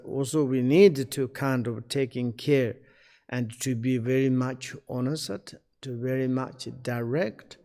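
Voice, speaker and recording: A man giving a spiritual teaching in halting English, searching for words, with many fillers and throat-clearing. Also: medium pitch, a little mellow, in a large hall. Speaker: Buddhist teacher.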